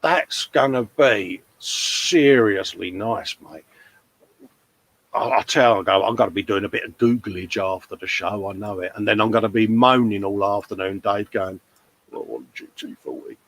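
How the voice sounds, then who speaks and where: A man's voice: lowish voice, moderate pace, fairly bright tone, poor audio. Chatty man reading comments. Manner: chatty, calls everyone mate. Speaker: livestream co-host. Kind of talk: casual chat reading viewer comments.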